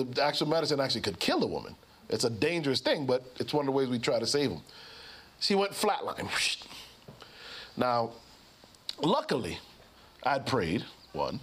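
A man, a pastor and physician, telling a story in a lively sermon style and acting out the voices he quotes. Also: fairly high pitch. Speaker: pastor and physician speaking on a ministry show.

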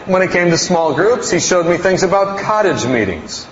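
A man's voice: high voice, big pitch swings, normal speed. A man preaching a storytelling sermon to a congregation, folksy and rambling, with self-mocking humor. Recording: roomy hall, dull sound, faint noise.

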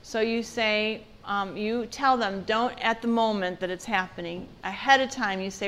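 A woman's voice: medium pitch, fairly even intonation, normal speed, few pauses, fairly bright tone. Conversational woman teaching parents. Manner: conversational, asks the audience questions. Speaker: parenting class speaker. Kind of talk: church parenting seminar talk.

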